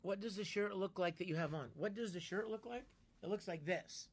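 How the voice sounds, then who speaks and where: A man chatting casually with his live-stream viewers, playfully greeting each one by name with bursts of excitement. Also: high voice, a little fast, few pauses.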